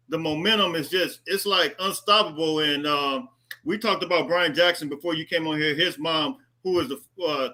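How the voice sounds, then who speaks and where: Male podcast host, high and sharp-toned, relaxed casual delivery. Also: low-quality recording.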